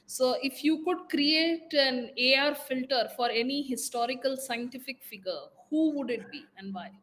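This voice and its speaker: A woman hosts an interview and asks her questions in a polite, measured way. Her voice is fairly high. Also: a bit bright. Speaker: interview host.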